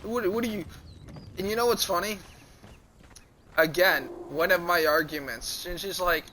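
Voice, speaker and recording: A man's voice: high voice, moderate pace, pushed and bright, a little hiss or hum, poor audio. A man telling a rambling, profane story during a casual livestream, sounding exasperated. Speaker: streamer.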